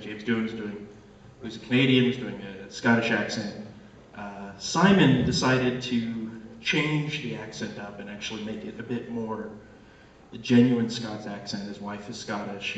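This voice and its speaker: A man's voice: lowish voice, a little hiss or hum. A man moderating a live Q&A, asking long, detailed questions with fillers. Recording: echoey hall, far from the mic, dull sound.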